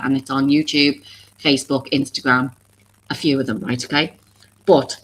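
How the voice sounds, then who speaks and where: A woman's voice: deep voice, bright, forceful tone, poor audio. A woman hosting a live stream about oracle cards. She talks to viewers in a rambling, earnest way, openly emotional and full of restarts. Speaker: oracle card reader and live stream host.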